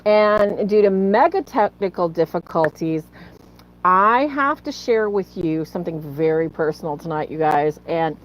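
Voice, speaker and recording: A woman's voice: lowish voice, lively intonation, measured pace, muffled recording, a little hiss or hum. A woman hosting a faith live stream, tearful and fighting back tears as she earnestly pleads with viewers and greets them by name. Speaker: livestream host.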